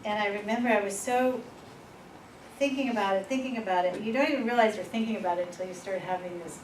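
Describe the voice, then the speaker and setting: A woman presenting a workshop, telling personal stories in a lively, informal way and laughing at herself. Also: mid-range voice, fast talker. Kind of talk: personal storytelling in a workshop talk. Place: workshop room. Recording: echoey room, far from the mic, noisy.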